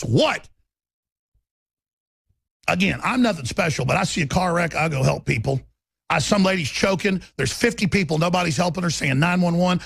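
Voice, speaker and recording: A man hosting a talk radio show, delivering an impassioned, ranting monologue that keeps rising to shouts. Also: sits high, creaky, dry recording.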